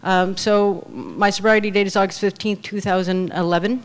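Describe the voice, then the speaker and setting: A middle-aged woman, nervous about public speaking, sharing her recovery story with many pauses, ums and uhs. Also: medium pitch, fairly even intonation. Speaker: meeting speaker. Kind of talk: personal recovery share.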